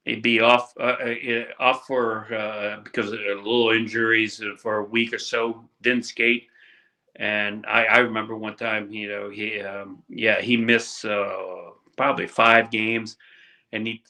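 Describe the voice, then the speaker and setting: Slow, bright-voiced man in his 60s. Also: fairly low pitch, level tone. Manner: halting, many fillers and restarts, laughs often. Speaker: podcast guest, former pro hockey player. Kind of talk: casual storytelling interview.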